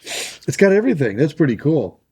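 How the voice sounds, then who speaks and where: A man co-hosting a podcast about firearms in casual chat, relaxed and rambling, often restarting his sentences. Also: fairly high pitch, a little fast, slightly rough. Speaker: podcast co-host.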